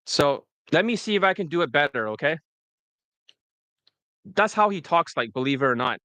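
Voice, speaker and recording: A male coach with a somewhat high voice talks through a screen recording in a loose, rambling way. He swears freely and fills his sentences with "like" and "you know." The sound is close and dry, with no room echo. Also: lively intonation, normal speed, bright, forceful tone. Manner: loose, rambling and profane, with many fillers. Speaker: dating coach. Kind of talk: casual commentary over a screen recording.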